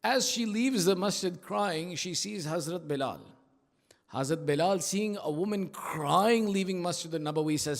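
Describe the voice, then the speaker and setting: A male preacher giving an emphatic, rhythmic sermon at an Islamic center, telling stories and dropping into hushed asides. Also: high-pitched, expressive, normal speed, creaky. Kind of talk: sermon with storytelling. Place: large prayer hall of an Islamic center. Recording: long hall reverb.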